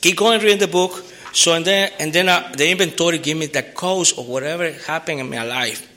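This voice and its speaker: A man giving an earnest personal testimony at a recovery meeting, halting, with repeated words and restarts. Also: on the high side, pushed and bright. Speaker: member sharing his recovery story.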